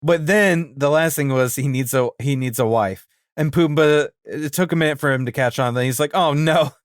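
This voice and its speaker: A man co-hosting a cartoon podcast, animated and easily amused, laughing often as he retells scenes. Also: medium pitch, normal speed, dry recording, clean studio sound. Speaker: podcast co-host. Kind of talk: casual chat about cartoons.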